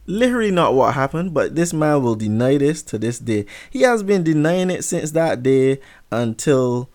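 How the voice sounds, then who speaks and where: Young man, mid pitch, animated, self-mocking, profane casual storyteller, close mic. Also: moderate pace.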